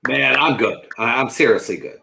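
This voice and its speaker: A man who is a lawyer, appearing as a guest on a radio comedy show and chatting in a relaxed, matter-of-fact way. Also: mid-range voice, moderate pace, vocal fry, background noise. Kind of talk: casual radio chat. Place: radio studio.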